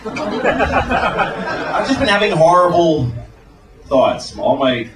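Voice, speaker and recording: A man performing a crude stand-up routine, switching between flat delivery and shouted mock voices. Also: high-pitched, drawn-out words, a loud crowd, heavy background noise. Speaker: stand-up comedian. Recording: roomy live club sound from far off. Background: loud audience laughter.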